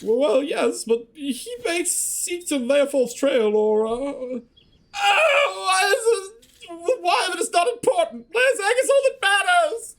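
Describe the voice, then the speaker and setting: A man voicing a frantic, fussy male chocobo breeder with a put-on French accent, high-strung and melodramatic. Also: very animated, slow, a bit bright, exaggerated voice. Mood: urgent.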